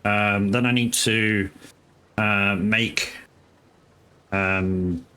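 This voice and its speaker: A man's voice: fairly low pitch, steady tone, very slow, pushed and bright, clear, resonant tone. A man chatting casually while streaming a farming game, greeting viewers and swearing freely as he rambles between tasks. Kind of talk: casual live gameplay commentary.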